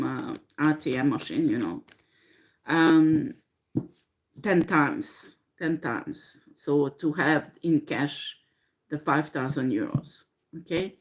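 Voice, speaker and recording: Slow, low-voiced woman doing a tarot reading. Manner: slow, hesitant, many fillers. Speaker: tarot reader. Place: home with a dishwasher running.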